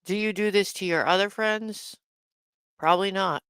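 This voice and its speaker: A woman's voice: mid-range voice, fairly even intonation, normal speed, a bit bright, clear, resonant tone, no echo. A woman hosting a livestream, reacting with indignant commentary, repeating herself and swearing. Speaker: livestream host.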